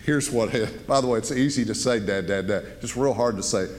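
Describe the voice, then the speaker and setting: A male pastor delivering a sermon in a conversational style, dropping into hushed asides and rising for emphasis. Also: mid-range voice, fairly quick. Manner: conversational preaching, swinging between hushed asides and raised emphasis. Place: church sanctuary. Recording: long hall reverb.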